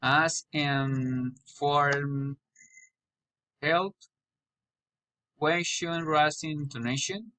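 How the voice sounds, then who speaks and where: A man whose first language is Spanish, slowly reading English intonation drills aloud with pauses and restarts. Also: medium pitch, bright, forceful tone, clear, resonant tone, low-quality recording. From Spanish-speaking country. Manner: slow, halting, with pauses and restarts. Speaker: language learner.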